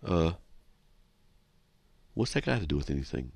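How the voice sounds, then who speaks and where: Sarcastic radio guy answering mail, lowish voice, swings way up and down, dry studio mic. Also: very animated, moderate pace, vocal fry, darkish tone, slightly rough, no echo. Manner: sarcastic and mocking, with big swoops in pitch. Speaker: radio show host. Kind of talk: reading and answering listener mail on air.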